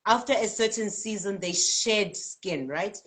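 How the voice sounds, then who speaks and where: On her live spiritual card-reading stream, a South African woman who works as a healer and card reader chats animatedly through viewers' comments, often laughing. She has a mid-range voice and a measured pace.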